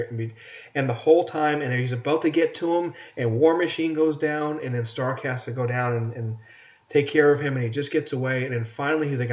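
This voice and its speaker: A man's voice: mid-range voice, moderate pace. A man co-hosting a casual podcast, ranting about movies and stumbling over repeated words. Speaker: podcast co-host. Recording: dull lo-fi podcast audio.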